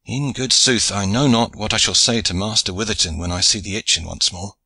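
A man's voice: on the low side, a little fast, vocal fry, bright, forceful tone, husky, no echo, exaggerated voice. A man voicing a worried ship's master fretting over damage, in old-fashioned speech.

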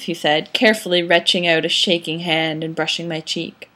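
A woman's voice: lowish voice, little pitch movement, moderate pace, pushed and bright. Woman reading her fan fiction aloud. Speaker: amateur fan fiction reader.

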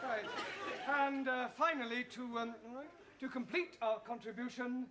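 A man's voice: extremely high pitch, steady tone, a little slow, a loud crowd. A man playing a patient English teacher. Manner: polite, correcting students. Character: patient English male teacher hosting a concert. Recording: loud background noise.

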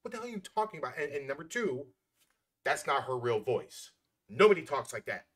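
A man's voice: on the high side, sing-song, a little fast, fairly bright tone. A man giving heated reaction commentary, blunt and scornful, swearing freely as he mocks the clip.

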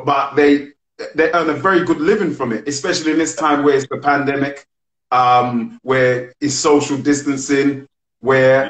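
A man's voice: mid-range voice, fairly bright tone. A man hosting a live interview over a video call, talking in an enthusiastic, chatty and friendly way. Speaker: interview host. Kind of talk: casual interview. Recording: roomy echoey room sound.

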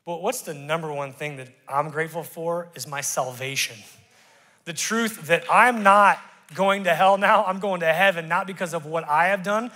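Animated pastor preaching in reverberant church. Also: male voice, a little high, normal speed. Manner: animated, conversational preaching with sudden loud bursts. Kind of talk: sermon. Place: church sanctuary. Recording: long church-hall reverb.

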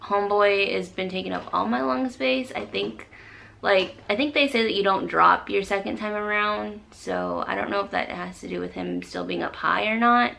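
Young woman vlogger, breathless, rambling chat, bright tone. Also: medium pitch, normal speed, vocal fry. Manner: chatty, rambling, many fillers. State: short of breath. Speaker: pregnancy vlogger. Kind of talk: casual chat to camera.

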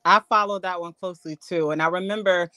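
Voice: mid-range voice, fairly even intonation, quick pace, pushed and bright, no echo. A livestream panelist talks angrily and profanely, firing off questions. The voice sits in a middle range, and the sound is dry and close. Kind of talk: casual heated chat.

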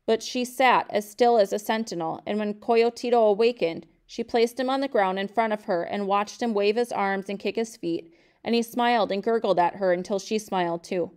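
This is a woman narrating a novel in a smooth, clear voice pitched in the middle range. She reads steadily and without hurry, at a calm, measured pace.

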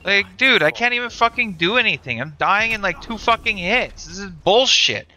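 A man's voice: high voice, lively intonation, normal speed, sharp tone. A young man streaming a video game, ranting and swearing in frustration as he plays. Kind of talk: live gameplay commentary.

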